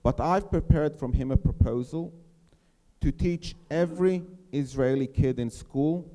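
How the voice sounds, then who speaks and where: A middle-aged man argues his case on a panel in a lecture hall, earnest and persuasive. His voice sits a touch high for a man and has a warm, mellow tone. He slows down to stress key points, and a long reverb trails each phrase. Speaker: settlement mayor on a panel. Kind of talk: panel talk to a live audience.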